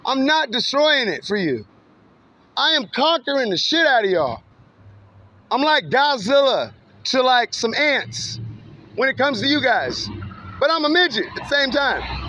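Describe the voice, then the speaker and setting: High, bright-voiced man taunting outdoors at night. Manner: taunting, mocking, laughs often, swears. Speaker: vlogger filming passing cars. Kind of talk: casual taunting street monologue. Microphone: handheld camera or phone. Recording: dull lo-fi phone audio with faint street noise.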